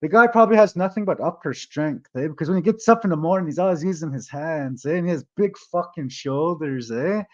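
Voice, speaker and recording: A man's voice: on the high side, fairly quick, hardly any pauses, darkish tone. A man casually telling a long story to his viewers, rambling and swearing, often tagging his lines with "eh". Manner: rambling, profane, tags lines with "eh". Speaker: vlogger. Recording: dull lo-fi sound.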